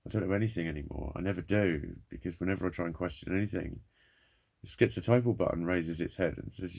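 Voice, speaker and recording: A man talks straight to camera in a low, gravelly voice. He rambles, swears often and sounds worn down by pain and frustration. His delivery is candid and unpolished. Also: quick pace, darkish tone. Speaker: vlogger. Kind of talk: candid personal monologue.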